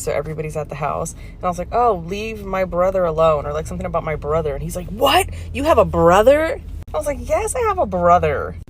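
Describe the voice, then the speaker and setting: A woman, a mother, chatting in a casual, laughing storytime. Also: low voice. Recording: faint car noise.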